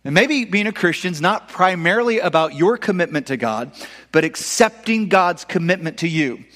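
A man preaching a sermon earnestly, building to emphatic peaks and easing into soft, low endings. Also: animated, normal speed. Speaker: pastor. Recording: long hall reverb.

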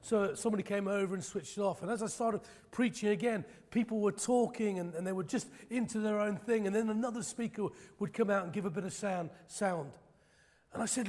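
A man's voice: high voice, a little fast, darkish tone, long reverb tail. A man preaching a sermon, moving from prayer to a personal testimony, impassioned and emphatic, with self-deprecating jokes. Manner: self-deprecating, joking asides.

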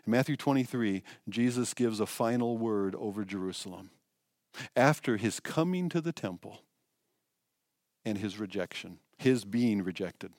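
A man's voice: lowish voice, animated, normal speed, dry recording, clean studio sound. Emphatic male pastor preaching. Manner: emphatic, swinging between loud and hushed. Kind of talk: sermon.

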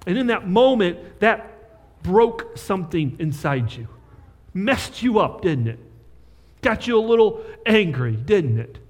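Guy preaching in a big echoey church, really animated, keeps asking the crowd right? okay?. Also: sits high, takes it slowly. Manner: conversational, checks in with rhetorical questions. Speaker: pastor. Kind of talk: sermon.

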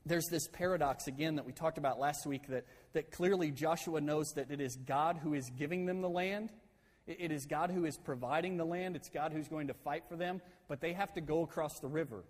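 A male pastor delivers a sermon in a church hall, retelling a story with an animated, conversational flair and frequent restarts. His voice sits a touch higher than most men's, and a long reverb trails each phrase. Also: brisk.

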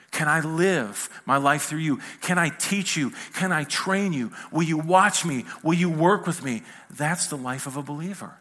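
A man's voice: on the high side, moderate pace, fairly bright tone. A male pastor preaching a conversational sermon to a congregation in a church, mixing humor with acted-out quotes.

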